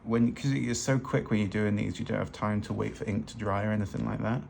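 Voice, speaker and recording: Gravelly and darkish, his fairly low voice moves quickly but stays level in tone. He's giving loose, self-deprecating, chatty narration for a fashion illustration drawing tutorial, captured by a hands-only overhead camera. A little background noise is audible.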